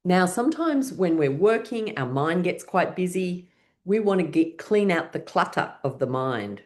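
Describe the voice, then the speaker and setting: A playful woman guides a group through laughter exercises, her voice swooping widely as she coaxes everyone along. She speaks low in her range and breaks into hearty, exaggerated laughter again and again. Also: very animated, measured pace. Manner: cheerful, coaxing participants to play along. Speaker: laughter yoga instructor.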